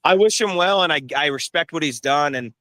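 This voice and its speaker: A man's voice: on the high side, a little fast, pushed and bright, no echo. A young man, a fighter being interviewed, talking casually with many restarts and fillers. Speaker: bare-knuckle fighter, interview guest.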